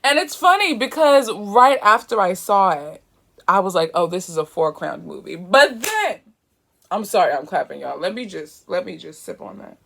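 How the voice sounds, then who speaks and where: Chatty woman with a gravelly edge. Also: medium pitch, normal speed. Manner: animated, chatty, laughs often. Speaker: movie reviewer. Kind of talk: casual chat review.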